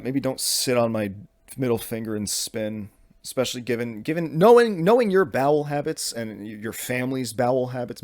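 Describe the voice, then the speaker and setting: In his twenties, this podcast host has a medium-pitched, slightly mellow voice, recorded dry and clean in a studio. He tells a comedic story in a casual, rambling monologue, frequently starting over and cursing in exasperation.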